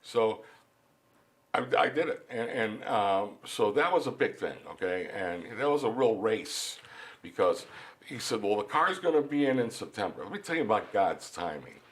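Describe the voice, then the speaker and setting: A man with a fairly low voice tells a personal faith story in a studio interview. His pitch rises and falls widely as he speaks, and he often repeats words as he restarts his sentences. He sounds animated and earnest throughout. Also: moderate pace. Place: recording studio.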